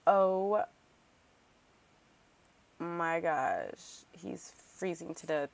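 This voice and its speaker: A woman's voice: on the low side, drawn-out words, creaky, dry recording. A woman hosting a let's play, chatting casually and rambling through her gameplay with lots of filler words and remarks aimed at the characters. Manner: animated, talks back to game characters.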